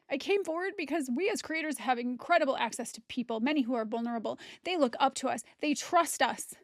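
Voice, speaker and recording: A woman's voice: high-pitched, fast, hardly any pauses, no echo, clean studio sound. A woman content creator giving a personal testimony straight to camera, blunt, heated and profane.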